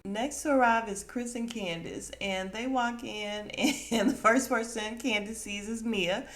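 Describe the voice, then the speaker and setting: A woman hosts a podcast and recaps a reality show in a casual, gossipy way, laughing often and acting out quotes in put-on voices. Her voice is on the high side, with a steady tone and a slightly slow pace.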